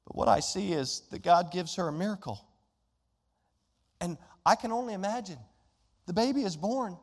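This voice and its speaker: High-voiced man preaching in a reverberant hall. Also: normal speed. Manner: animated storytelling with rhetorical questions. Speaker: pastor. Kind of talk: sermon.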